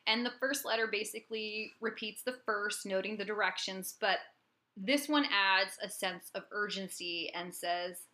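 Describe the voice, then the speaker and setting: A woman with a bright, clear voice tells a true-crime case to her co-host. Her delivery is chatty and loose, full of fillers and asides. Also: medium pitch, normal speed. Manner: chatty and animated, with lots of fillers. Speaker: podcast co-host and storyteller. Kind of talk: casual true-crime storytelling.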